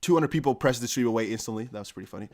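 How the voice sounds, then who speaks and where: This crypto livestream host has a light Dutch accent and a mid-range, darkish voice, and he talks very fast. He chats casually, reads viewer comments out loud, and often trails off with "I don't know."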